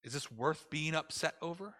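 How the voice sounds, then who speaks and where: A man voicing God as a calm, patient questioner who speaks in soft, measured questions. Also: fairly high pitch, big-room sound.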